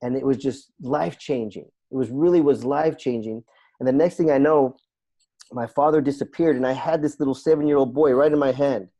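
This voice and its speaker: A man's voice: medium pitch, a little fast, dark tone. A man, a podcast guest and coach, telling a personal story in an earnest, reflective way and repeating phrases for emphasis.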